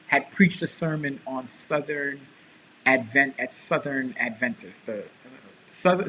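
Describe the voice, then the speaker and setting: Bright-voiced man telling a story. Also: medium pitch, slight background noise, poor audio. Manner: animated storyteller, acts out quotes. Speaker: pastor and co-host. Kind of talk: casual storytelling chat.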